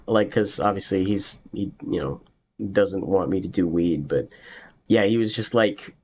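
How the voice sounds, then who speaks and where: A man's voice: fairly low pitch, brisk. A young man telling a personal story in a casual, rambling way, full of fillers, now and then laughing at his own tale. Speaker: podcast host.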